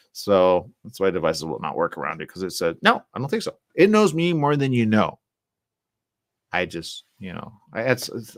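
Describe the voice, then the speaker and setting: A man hosts a radio talk show solo, rambling loosely and animatedly, slipping into quoted voices and trailing off into mumbles. His voice is on the low side, and the studio-quality recording has no echo.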